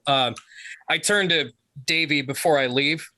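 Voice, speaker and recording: Bright dry-voiced male player. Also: on the high side, unhurried, no echo. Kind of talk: tabletop game play.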